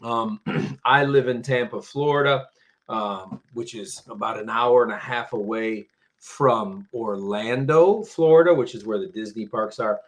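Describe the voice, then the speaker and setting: A man teaching English phrasal verbs on a live stream, patient and slow, repeating words for learners. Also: medium pitch. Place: home, Tampa area.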